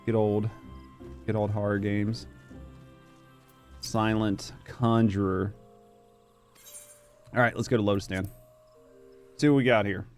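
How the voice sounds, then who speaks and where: A man's voice: fairly low pitch, level tone, slow pace, long pauses, soft background music. A man streaming a game, talking loosely and jokingly, swearing now and then and reading game text aloud. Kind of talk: casual let's-play commentary.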